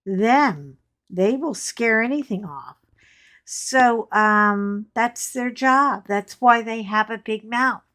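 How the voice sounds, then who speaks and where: A woman hosting a crafting channel, chatting casually and telling animated anecdotes with frank asides while she works. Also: fairly high pitch, slow.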